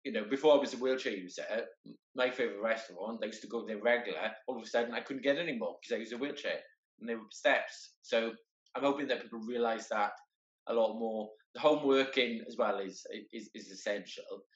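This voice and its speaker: Earnest man, halting and roomy. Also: mid-range voice. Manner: earnest, halting, repeats words often. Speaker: guest, wheelchair marathon entrant. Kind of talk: casual conversation. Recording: roomy, dull lo-fi sound.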